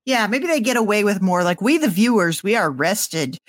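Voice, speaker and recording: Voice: mid-range voice, lively intonation, moderate pace, dry recording. Dry, wry podcast co-host. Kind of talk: casual chat.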